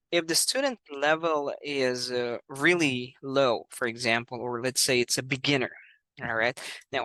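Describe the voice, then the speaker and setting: A male English teacher walks through his classroom methods, patient and clear, with a bright, forceful tone. He checks in often with "all right" and "you know", and the recording is dry and close. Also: mid-range voice, no echo, rough recording.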